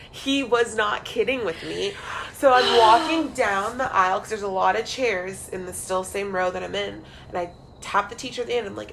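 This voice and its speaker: Animated, foul-mouthed young woman storyteller. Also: medium pitch, fairly quick, vocal fry, slight background noise, low-quality recording. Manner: animated storyteller who acts out quotes and swears freely. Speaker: podcast co-host. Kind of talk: casual chat.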